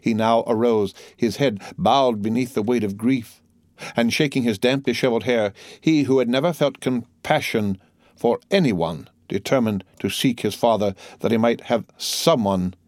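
A man narrates a classic novel in a measured, dramatic way. His voice is on the low side. The recording is dry and close, with no room sound. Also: darkish tone, no room sound. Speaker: audiobook narrator.

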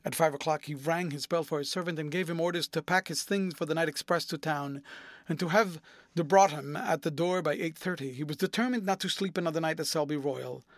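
A man narrating a classic novel in a measured, expressive storytelling manner. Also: on the high side, no room sound. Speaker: audiobook narrator.

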